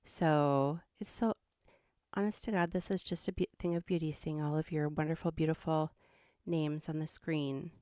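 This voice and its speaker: A woman's voice: low voice, moderate pace, darkish tone, smooth, no room sound, clean studio sound. A middle-aged woman with a Minnesotan accent who hosts a livestream and chats casually in a rambling way, laughing often. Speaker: host.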